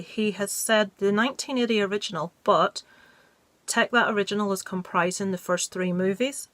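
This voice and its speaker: Woman, middle pitch, casual horror-vlog chat, blunt and joking, dry close sound. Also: a bit bright, no room sound. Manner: blunt, jokey, opinionated. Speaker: movie review vlogger.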